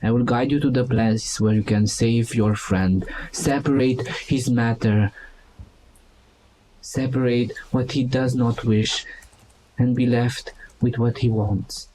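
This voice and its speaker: A loyal hound spirit turned celestial being speaks slowly and gravely, voiced by a man at a tabletop game. His voice is dark and mellow, unhurried and mournful, with faint room ambience behind it. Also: mid-range voice, fairly even intonation, a little hiss or hum, close to an everyday voice, poor audio. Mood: solemn. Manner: slow, solemn, mournful. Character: ascended giant hound spirit, loyal, solemn.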